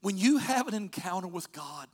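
A man's voice: high voice, lively intonation, moderate pace. Man preaching with rising and falling intensity. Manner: storytelling preacher, swings from loud urging to soft near-whispers. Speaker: pastor. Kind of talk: sermon.

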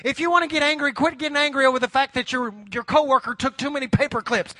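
A man's voice: very high voice, fairly even intonation, fast talker, hardly any pauses, sharp tone, no room sound. A man, preaching a sermon with rising fervor and personal stories. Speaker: pastor.

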